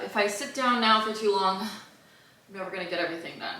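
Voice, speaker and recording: A chatty woman vlogger talks casually at home, giggling and correcting herself as she goes. Her voice is bright and forward. The apartment sounds echoey, with faint noise behind her. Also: medium pitch, fairly quick. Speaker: lifestyle vlogger. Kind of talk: casual vlog chat.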